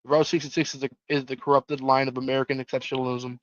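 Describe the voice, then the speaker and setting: A man's voice: medium pitch, little pitch movement, quick pace, dry recording, dull audio, lightly acted. A man voicing a world-weary occult detective, dry and sardonic.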